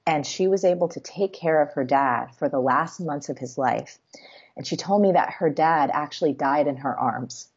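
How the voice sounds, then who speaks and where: A woman hosting a show and telling stories in an animated, chatty way, acting out quotes as she goes. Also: low-pitched, normal speed, husky. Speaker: show host and business coach. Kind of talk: conversational storytelling. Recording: slightly muffled lo-fi audio.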